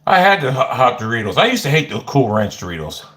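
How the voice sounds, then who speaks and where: A man's voice: mid-range voice, fast, echoey room. A man chatting casually on a livestream from his home kitchen into a phone, rambling and swearing as he snacks. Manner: rambling, profane, easily excited.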